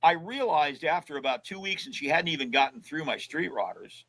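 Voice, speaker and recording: A man's voice: on the high side, lively intonation, brisk, fairly bright tone, poor audio. An older man, a guest in an interview, telling casual stories and acting out both sides of old conversations in a folksy way. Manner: folksy storyteller who acts out both sides of past conversations.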